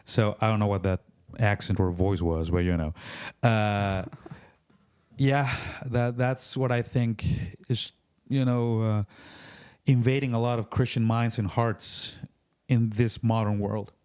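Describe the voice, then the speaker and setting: A man, a podcast guest in casual faith talk, who acts out complainers in quick put-on voices. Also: lowish voice, fairly even intonation, a little mellow, clear, resonant tone.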